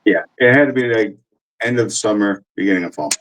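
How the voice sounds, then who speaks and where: A man's voice: on the low side, fairly quick, a bit bright, slight background noise, poor audio. A man in his forties, an army veteran telling a casual, rambling story full of cursing and fillers. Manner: rambling, profane, with many fillers.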